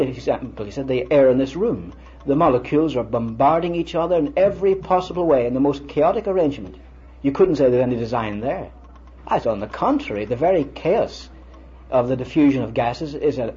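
An older man's mid-range voice comes across animated, a little fast, warm, and slightly rough as he gives a sermon-like lecture to students in a hall. He tells stories casually and quotes others' words in dialogue. The old recording is dull and lo-fi, with faint hiss.

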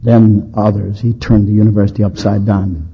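A man's voice: fairly low pitch, flat delivery, moderate pace, muffled recording, a little hiss or hum. A man preaching a sermon, telling historical stories in an anecdotal, dryly humorous, emphatic way.

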